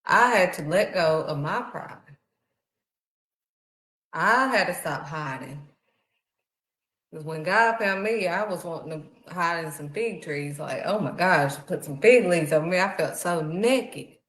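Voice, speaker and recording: A woman's voice: on the low side, animated, unhurried, long pauses, a bit bright. A woman, preaching a sermon in a heartfelt, conversational way. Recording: echoey room.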